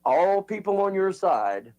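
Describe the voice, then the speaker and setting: A man's voice: high voice, very animated, measured pace, mellow. A man streaming a heated online argument, taunting and insulting the other speaker in a mocking tone.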